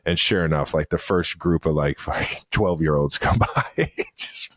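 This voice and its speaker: A man's voice: extremely low pitch, moderate pace, fairly bright tone, no echo, clean studio sound. A man from Cleveland co-hosting a podcast, chatting loosely with lots of laughing and swearing. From Cleveland, Ohio. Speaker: podcast co-host. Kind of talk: casual chat.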